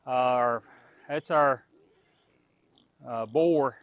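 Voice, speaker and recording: A man's voice: medium pitch, extremely slow, no echo, highs cut off. A middle-aged man, chatting casually to his viewers and animals outdoors on a farm. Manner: folksy, talks to animals and viewers. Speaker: homestead vlogger.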